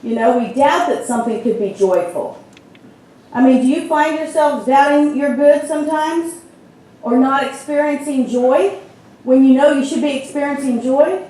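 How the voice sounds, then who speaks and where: A woman's voice: high voice, normal speed, mellow. Echoey middle-aged woman minister preaching. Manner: conversational, storytelling with frequent fillers. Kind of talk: sermon. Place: church sanctuary. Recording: very echoey hall from far off.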